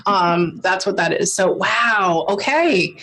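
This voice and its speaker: A woman's voice: mid-range voice, animated, takes it slowly, fairly bright tone. A woman working as a psychic medium in a casual reading, emotional and swearing freely, often stopping to say hold on. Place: lives in Texas.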